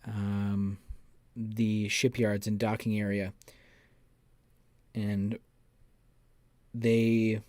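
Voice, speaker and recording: A man narrating a tabletop role-playing game as game master, describing scenes to the players in a measured second-person voice. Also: lowish voice, flat delivery, darkish tone, no echo.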